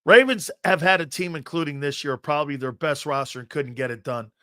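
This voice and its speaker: A man's voice: fairly high pitch, a little fast, pushed and bright. A man hosting a live sports talk show, arguing his opinions emphatically and repeating himself as he builds a point.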